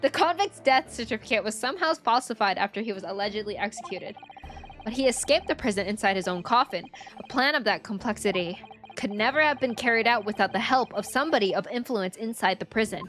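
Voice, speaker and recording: A woman's voice: a little high, expressive, fast, a bit bright, soft background music. Woman reading a cold, accusing prosecutor.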